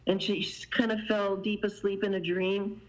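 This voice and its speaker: A woman's voice: medium pitch, level tone, normal speed, dull audio. A woman guest telling a long story in casual conversation, meandering and sprinkling in fillers. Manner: meandering, many "you know" fillers.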